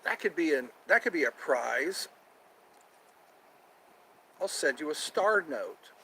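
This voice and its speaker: A man's voice: on the high side, expressive, slow pace, noisy background. A man hosting a casual solo livestream from outdoors near his home, rambling and repeating himself as he thinks aloud. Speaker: livestream host.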